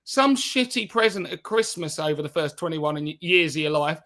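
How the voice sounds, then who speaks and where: Male comic co-host, high bright voice, loose sweary riffing with restarts. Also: lively intonation, brisk. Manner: jokey, swears freely, stumbles and restarts. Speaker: podcast co-host. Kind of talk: casual comedic chat.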